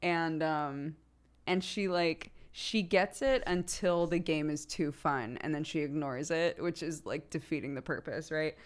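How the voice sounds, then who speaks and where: A chatty woman in her thirties casually talks on her livestream, telling anecdotes, laughing often, and acting out the quotes in her stories. Her voice is somewhat low, and she speaks at a measured pace.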